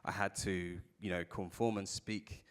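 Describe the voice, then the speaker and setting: A man with a South London accent talks on a live festival panel, his voice sitting a little low. He tells candid stories about work, loose and conversational, and drops the odd swear word. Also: flat delivery, a little slow, fairly bright tone. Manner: candid storytelling with casual swearing. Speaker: panel speaker.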